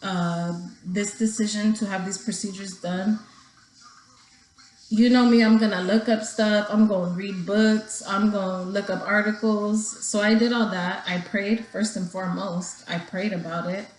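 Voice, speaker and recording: A young woman vlogger, close to tears, rambles casually and emotionally to her audience. Her medium-pitched voice is steady and a little slow, with poor audio and a roomy sound.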